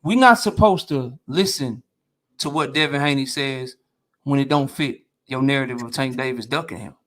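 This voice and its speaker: A man's voice: mid-range voice, normal speed, a bit bright. A man in a boxing debate on a live stream, ranting heatedly and with a lot of profanity.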